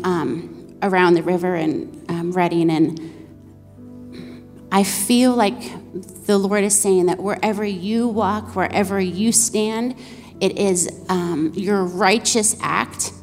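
A woman in her thirties speaking to a church congregation, sharing a prophetic word in a halting way with many fillers and restarts. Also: mid-range voice. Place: church hall. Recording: echoey church hall with soft music.

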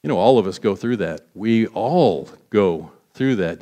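A man's voice: fairly low pitch, lively intonation, unhurried, few pauses, mellow. A man delivering a sermon in a conversational way, acting out scripture quotes. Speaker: pastor.

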